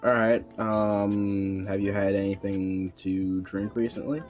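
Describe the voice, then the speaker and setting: A man playing a police officer in a voice chat role-play, asking questions in a calm, hesitant way with frequent fillers. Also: on the low side, takes it slowly, over music.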